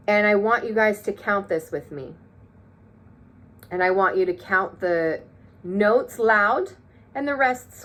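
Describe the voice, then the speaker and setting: A woman teaching a music lesson to children, encouraging them and counting rhythms aloud. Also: medium pitch.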